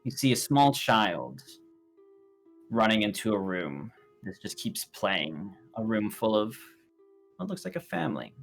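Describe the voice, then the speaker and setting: Low-voiced man narrating a tabletop game. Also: very animated, a little slow, gravelly, faint music behind. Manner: descriptive, hesitant with fillers. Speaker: game master.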